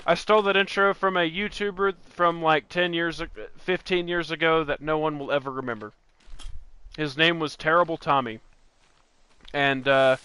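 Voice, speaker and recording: During a laid-back let's-play, a young gaming-channel host chats as he plays, laughing often, wandering off topic and starting sentences over. He has a fairly high, sharp-toned voice that comes across smooth.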